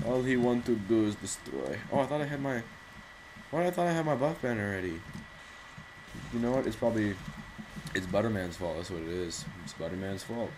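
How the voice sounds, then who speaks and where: A man's voice: on the low side, fairly quick, long pauses, background noise. A man hosting live gameplay commentary with rambling, jokey, self-mocking asides. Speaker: gaming channel host.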